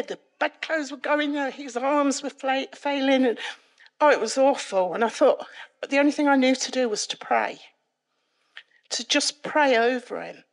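Gravelly woman telling her testimony. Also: normal speed. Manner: dramatic, lively retelling that climbs in pitch and volume. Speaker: guest speaker giving a testimony. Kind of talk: personal testimony storytelling. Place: church worship event, live audience.

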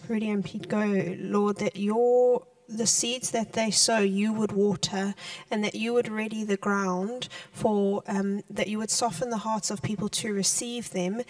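A woman praying aloud in church, earnest and halting. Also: mid-range voice, a little mellow. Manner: earnest, halting prayer with restarts. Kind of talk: spoken prayer. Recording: voice distant from the mic.

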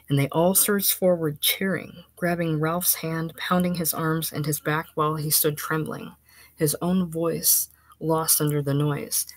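A woman reading a short story aloud as audiobook narration, steady and even, sometimes sinking to a hushed near-whisper. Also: low voice, normal speed, no echo. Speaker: reader.

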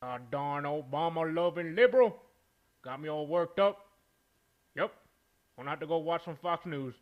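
A man's voice: a little high, animated, normal speed, muffled recording, lightly acted. A man's synthesized voice playing a grumpy, overweight conservative firefighter who curses constantly. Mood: angry. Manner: cursing, cranky.

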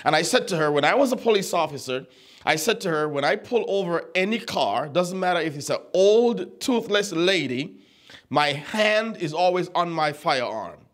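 High-voiced man preaching a teaching sermon. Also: animated, moderate pace, a bit bright. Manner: conversational, stammers and repeats words, quizzes the congregation. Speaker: pastor.

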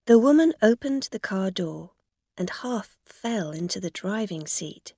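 A woman narrating a graded-reader story in a slow, careful, plain reading. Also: medium pitch, animated, mellow, slightly rough, no room sound, studio quality.

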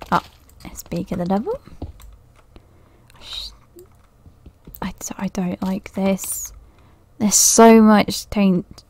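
A woman's voice: mid-range voice, dark tone. A woman giving casual let's-play commentary, thinking aloud nervously, often laughing and dropping to a whisper. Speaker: gaming video creator.

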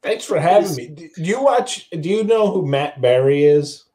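A man's voice: on the high side, moderate pace. A man guesting on a comedy podcast, effusive and laughing as he tells stories. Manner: effusive, laughing, animated storyteller. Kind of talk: casual comedy podcast chat.

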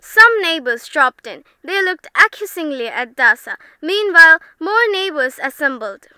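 A woman narrating a short film in a steady, read-aloud storytelling manner. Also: very high-pitched, measured pace, no echo, faint music behind.

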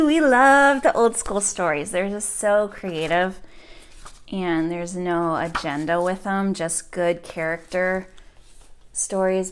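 A homeschooling mother chats eagerly and casually about picture books she recommends, holding them up for the camera. Her voice is mid-range with a clean tone.

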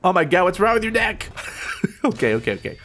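A man with an American accent giving excitable, giggly let's-play commentary. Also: sits high, brisk. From United States. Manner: excitable, giggly, frequent shrieks. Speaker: gaming YouTuber.

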